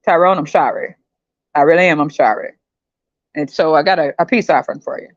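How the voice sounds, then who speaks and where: A woman's voice: low-pitched, fairly quick, dry recording, muffled recording. Woman doing a sheepish, apologetic comedian impression.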